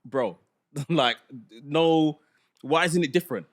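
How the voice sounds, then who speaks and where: A man's voice: fairly high pitch, slow pace. Easygoing man on a podcast. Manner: agreeable, laughs often, repeats phrases. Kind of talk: casual chat.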